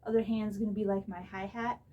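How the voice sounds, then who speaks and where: A woman teaching a casual drum lesson, explaining step by step in a relaxed way beside her drum kit, recorded on a low-quality camera mic. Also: brisk, highs cut off. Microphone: phone or camera mic.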